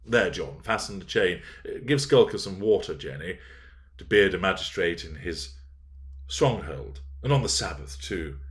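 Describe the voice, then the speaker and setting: A man's voice: deep voice, a bit bright. Man doing a pompous, blustering old squire. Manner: blustering, self-important.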